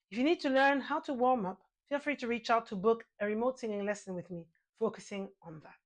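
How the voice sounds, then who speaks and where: A woman teaching a singing lesson, calmly guiding the listener through exercises, counting aloud and demonstrating sounds. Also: on the high side. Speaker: vocal coach.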